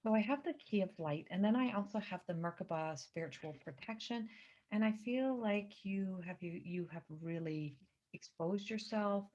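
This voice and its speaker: A woman gives an astrology reading from home in a mid-pitched voice, earnest and rambling, leaning hard on her points. The sound is a little dull and lo-fi, as if from a computer camera mic. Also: normal speed, darkish tone. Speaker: psychic reader. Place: indoors at home by a window. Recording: slightly dull lo-fi recording.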